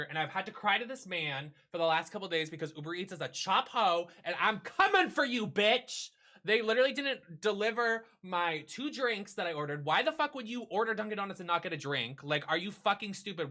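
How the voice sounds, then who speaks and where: A man with a bright, ringing voice pitched a bit high rants loosely and with swearing through a casual chat with his partner. His delivery is animated and quick to flare up. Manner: animated, profane ranting. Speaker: streamer host.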